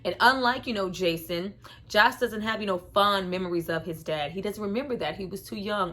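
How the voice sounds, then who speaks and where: Animated, slangy woman reviewing a film. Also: mid-range voice. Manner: animated, slangy, laughing between remarks. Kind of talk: casual film review vlog.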